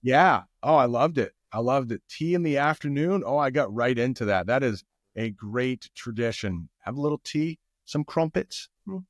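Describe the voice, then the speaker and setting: Relaxed American man, dry close sound. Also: mid-range voice, normal speed, dry recording. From United States. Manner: relaxed, repeats phrases, easygoing. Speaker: guest English teacher. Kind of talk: casual podcast conversation.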